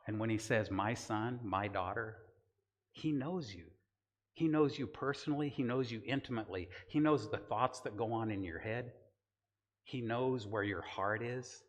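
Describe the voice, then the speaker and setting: Older man, conversational Bible lesson, mid-pitched voice, long church hall echo. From Southern California. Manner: conversational, keeps asking "right?". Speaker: church teacher. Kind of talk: sermon-style Bible lesson.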